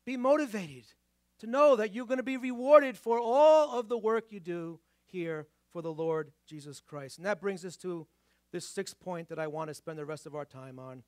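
A male pastor with an accent that mixes New York and Boston, preaching conversationally in a church. He slows down for emphasis and puts rhetorical questions to the congregation. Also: sits high, animated, darkish tone, no echo, clean studio sound. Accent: mix of New York and Boston. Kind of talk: sermon. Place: church sanctuary.

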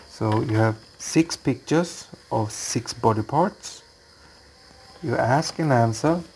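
A man teaching English to young children, explaining slowly and patiently. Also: mid-range voice, darkish tone, a little hiss or hum. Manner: slow, clear, patient explaining. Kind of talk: slow classroom instruction for children.

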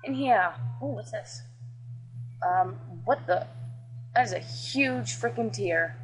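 Brief: excitable woman gamer, casual running commentary, talkative and profane. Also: medium pitch, slow pace, soft background music, rough recording. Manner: chatty, excitable, swears and jokes while playing. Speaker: gameplay commentator.

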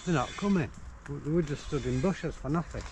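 A man's voice: on the high side, fairly quick, a little mellow. A man talking to his young daughter outdoors in a park, playful and coaxing. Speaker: father. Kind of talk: casual family chat. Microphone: 360 camera. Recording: outdoor background noise.

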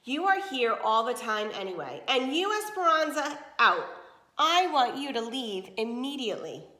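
A woman's voice: on the high side, big pitch swings, normal speed, sharp tone, roomy sound. A woman reading aloud, voicing a haughty stepmother who speaks in an icy, scornful way. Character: cold haughty stepmother, middle-aged woman.

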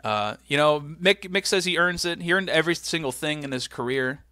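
Bright-voiced young man hosting a podcast. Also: on the high side, brisk, no room sound, clean studio sound. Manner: rambling, jokey, does voices. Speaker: podcast host. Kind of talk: casual chat.

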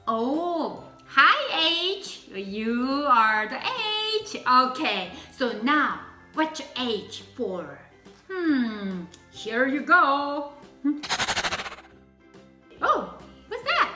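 A woman runs a preschool circle time with a very high, swooping voice, full of cheerful exclamations. She talks slowly and sing-song, with a bright tone. She sounds like she is in a roomy, echoing space with soft music underneath. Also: very animated. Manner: exclaiming and sing-song, with playful puppet play. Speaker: preschool art and music teacher. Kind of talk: cheerful circle-time teaching for young children.

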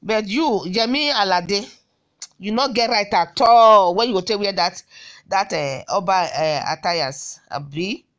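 A woman's voice: medium pitch, a little slow, a bit bright. Give me a Nigerian woman with a Benin accent delivering a scolding audio message full of repeated rhetorical questions. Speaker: social media commentator.

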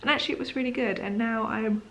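A woman's voice: fairly high pitch, fairly even intonation, fast, a bit bright. Sleepy rambling woman vlogging to camera. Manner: rambling, chatty, apologetic, many "um"s and "like"s. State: sleepy, yawning. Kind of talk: casual chat to camera. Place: at home in the evening.

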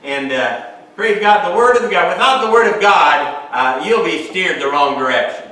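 A pastor preaching in a church sanctuary, his bright, forceful voice bouncing off the walls. He is recorded from some distance, so the room's echo is strong around every phrase. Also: sits high, animated, moderate pace. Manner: reads scripture aloud, then preaches with frequent amens and hallelujahs. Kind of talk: sermon. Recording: echoey church hall, mic far off.

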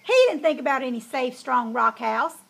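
A woman reads a children's story aloud in an unhurried, folksy drawl. Her voice sits high, with a gravelly and breathy texture. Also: a bit bright.

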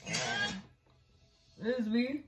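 A woman's voice: fairly high pitch, sing-song, very slow. Chatty young woman vlogging, roomy sound. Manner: chatty, rambling, lots of fillers. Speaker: YouTuber. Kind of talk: casual vlog chat. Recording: roomy with background music.

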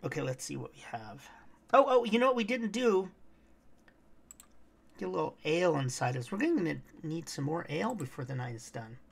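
Woman streamer, low creaky voice with animated swings; chatty walkthrough commentary, sings bits. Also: moderate pace. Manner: chatty, talks to her pet and chat, hums and sings snatches. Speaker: streamer playing a game. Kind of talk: casual game walkthrough commentary.

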